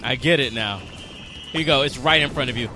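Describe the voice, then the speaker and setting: A man's voice: mid-range voice, a little fast, over music. A man doing game commentary, rambling through explanations and swearing at the enemies on screen. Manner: swears and scolds the game's enemies; rambling, self-repeating explanations. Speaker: let's play host.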